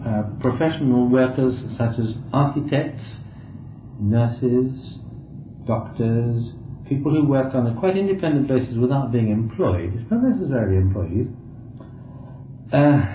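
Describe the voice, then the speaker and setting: A man speaking as a labour organization official, explaining in a measured way and listing points with fillers. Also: mid-range voice. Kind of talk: conversational explanation. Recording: tinny, echoey, with faint hiss.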